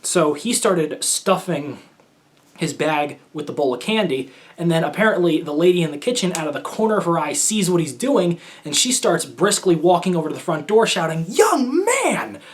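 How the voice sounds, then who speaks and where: A man's voice: a little high, animated, normal speed. A young man from the United States telling stories as a show host in casual solo talk, rambling and hesitant, with many fillers and restarts.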